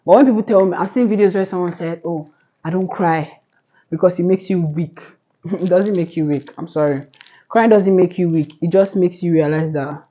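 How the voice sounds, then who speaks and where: A woman's voice: on the low side, moderate pace, mellow, muffled recording. A young woman in her twenties giving earnest motivational advice to camera, rambling with restarts. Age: 20s. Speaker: vlogger. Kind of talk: casual motivational talk to camera.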